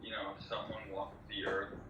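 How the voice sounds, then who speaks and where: A man's voice: lowish voice, little pitch movement, normal speed. A man on a podcast thinking aloud, hesitant and searching for words. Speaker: podcast co-host. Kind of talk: casual chat. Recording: echoey, distant, muffled, noisy.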